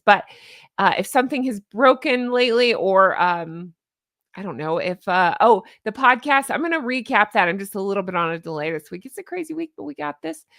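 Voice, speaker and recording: A woman hosting her own commentary channel, talking casually into her microphone in an animated, sarcastic and rambling way. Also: on the high side, vocal fry, no room sound, studio quality.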